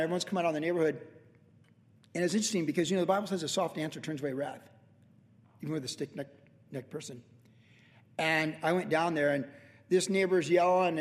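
Late-fifties male pastor, chatty, meandering storyteller, voice on the higher side, recorded with reverb in a big hall. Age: late 50s. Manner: rambling, conversational, with many restarts and "like". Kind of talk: casual sermon storytelling.

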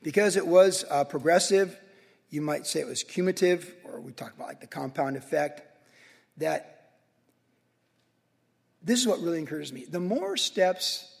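A man pastor preaching a sermon in a church, energetic and casual, with slang. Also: on the high side, moderate pace, gravelly, pauses often, big-room sound. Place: church sanctuary with congregation.

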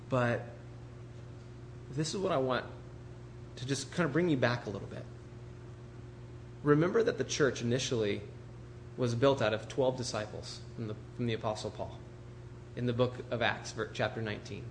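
A man's voice: medium pitch, moderate pace, long pauses, a little hiss or hum. A man preaching a sermon in a conversational way, often asking his listeners rhetorical questions. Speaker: pastor.

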